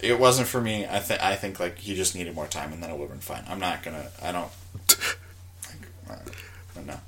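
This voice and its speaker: A man chatting casually about a movie, earnest and defending his view with halting restarts. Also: low voice, fairly bright tone, slight background noise. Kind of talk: casual movie review chat.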